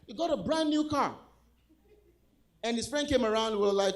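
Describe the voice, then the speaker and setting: A Nigerian man with a Nigerian accent doing a stand-up comedy set on stage, animated, swinging between loud punchlines and low asides. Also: a little fast. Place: comedy club stage with a live audience.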